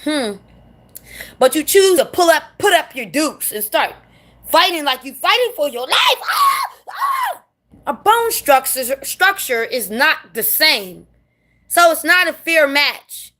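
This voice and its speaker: A woman's voice: high-pitched, very animated, a little slow, sharp tone. A woman vents in a blunt, sassy monologue. She talks straight to her viewers in casual rant mode, dropping curses as she goes. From New York City. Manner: blunt, sassy, swears freely. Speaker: vlogger.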